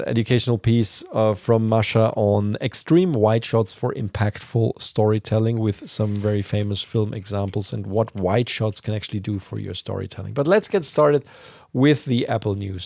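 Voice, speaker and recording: A man's voice: fairly low pitch, vocal fry, darkish tone, dry recording. A man hosting a podcast, explaining news in a casual, rambling way with plenty of fillers. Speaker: podcast host.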